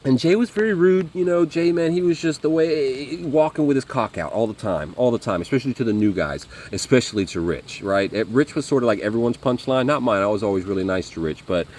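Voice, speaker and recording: A man's voice: mid-range voice, lively intonation, a little fast, few pauses, darkish tone, a little hiss or hum. A man telling war stories to camera in a rambling, conversational way, with lots of fillers and restarts. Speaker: vlogger. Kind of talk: casual storytelling monologue.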